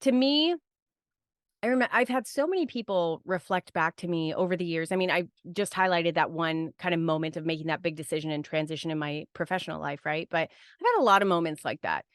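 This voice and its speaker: Low-voiced woman musing in a rambling way. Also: a little fast, dry recording, studio quality. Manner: rambling, restarts, frequent "like" and "right?". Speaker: podcast guest. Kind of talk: casual reflective interview talk.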